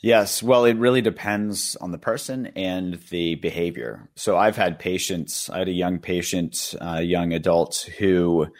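A man's voice: low voice, measured pace, hardly any pauses, no echo, clean studio sound. A middle-aged man, a psychiatrist and author, explaining things as a radio interview guest in a conversational way, with many fillers. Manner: conversational, many "you know" fillers, occasional chuckles.

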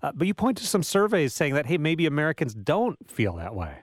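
A man's voice: on the high side, wildly swooping pitch, brisk, breathy edge, no echo. Conversational male radio host, dry studio. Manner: conversational, musing, with hesitant restarts. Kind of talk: radio interview questions.

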